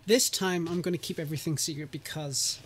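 A man's voice: fairly high pitch, a little fast, a little hiss or hum. A man hosting a podcast in casual chat, talking easily and laughing often. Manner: chatty, laughs often, restarts. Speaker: podcast host.

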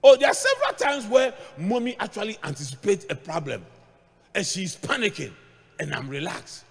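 A middle-aged male pastor preaching a sermon, moving between hushed asides and shouted points as he tells stories. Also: high voice, wildly swooping pitch, normal speed, gravelly, husky. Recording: long hall reverb.

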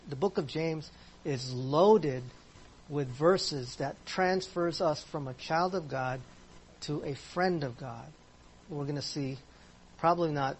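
Bible class teacher, man, somewhat high voice, chatty, quizzes the room. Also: creaky, a little hiss or hum. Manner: conversational, asks the class questions.

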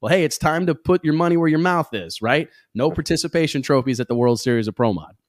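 A man's voice: a little high, animated, fast talker, dry recording, studio quality. A man hosting a talk show in casual chat, talking emphatically and firing off rhetorical questions.

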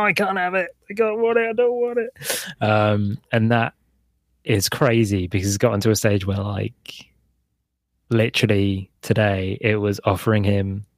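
A man's voice: vocal fry, a little mellow, no room sound, studio quality. A man in his forties co-hosting a podcast, chatting loosely about parenting and acting out the lines of the people in his stories. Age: 40s. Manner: rambling, acts out his son's and his own lines in a higher voice. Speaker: podcast co-host.

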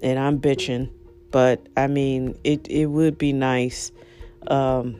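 A woman's voice: extremely low pitch, flat delivery, slow pace, dark tone, faint music behind. A woman hosting her own podcast, talking casually and frankly into her phone with a rambling, chatty manner. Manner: frank, rambling, chatty with self-deprecating laughs. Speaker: podcast host. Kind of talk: casual solo podcast monologue.

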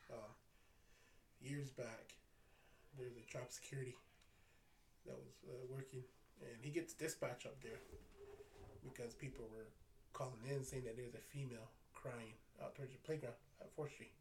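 A man on night security spins a story in casual, animated talk, forever saying "I said." His voice is gravelly and sits in the middle of the male range. It comes from a little way off the mic, with faint noise underneath. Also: mid-range voice, far from the mic. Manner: animated, repeats "I said" often.

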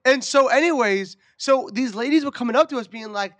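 A man co-hosting a podcast, telling a story in an animated, profane, casual way. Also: very high voice, a little fast, no room sound. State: recovering from a lost voice. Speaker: podcast co-host. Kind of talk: casual chat.

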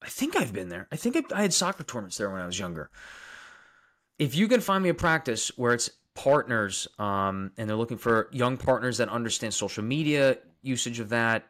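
A man's voice: medium pitch, big pitch swings, fairly quick, a bit bright. A young man from Long Island with a Long Island accent, a dentist chatting casually on a livestream, reading out viewer comments and answering them. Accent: Long Island New York. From Long Island, New York. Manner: reads viewer names aloud and answers them, often repeating phrases.

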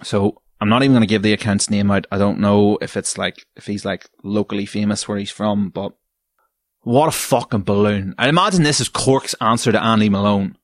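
A man hosting a podcast, sweary and exasperated, ranting and climbing into high shouts. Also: a little fast, no room sound, clean studio sound. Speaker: podcast host. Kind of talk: ranting comedic podcast segment.

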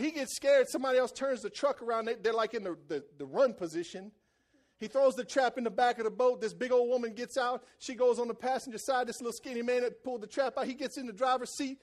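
A man preaching a sermon as a folksy personal story, loud and emphatic. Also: extremely high pitch, fast. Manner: folksy storytelling, voices quoted people.

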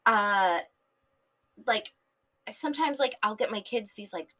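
A woman's voice: medium pitch, slow, noisy background. A woman from San Diego in her thirties, hosting a podcast in a rambling casual monologue, full of fillers, swearing and sudden tangents. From San Diego, Southern California. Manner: animated, filler-heavy, swears freely, jumps between tangents. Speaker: podcast host.

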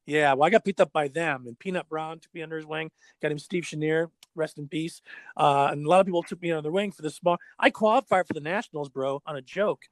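A middle-aged man, a former pro skateboarder, telling stories in casual chat, animated and repeating words as he goes. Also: on the high side, fast talker, no echo. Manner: animated, acts out quoted dialogue, repeats words.

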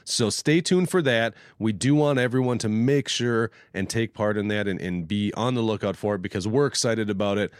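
A man's voice: fairly low pitch, normal speed, few pauses, no room sound, clean studio sound. Stuffed-up male podcast co-host. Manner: laughs easily, relaxed announcer-style. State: stuffed up with a cold. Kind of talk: casual chat.

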